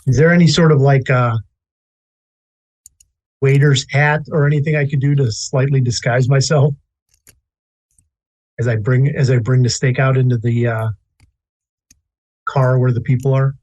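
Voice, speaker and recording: A man's voice: mid-range voice, steady tone, moderate pace, pauses often, a little mellow, no room sound, low-quality recording. Man playing in a tabletop game. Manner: hesitant, thinking aloud with fillers. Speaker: player. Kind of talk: casual tabletop play.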